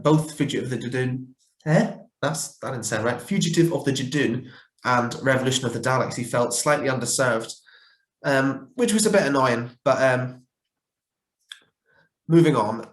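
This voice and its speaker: A fan reviewer ranks characters in a casual, opinionated manner, with a voice at an ordinary middle pitch. He's chatty, often pausing on fillers and correcting himself mid-sentence, and the recording has a noticeable roomy echo.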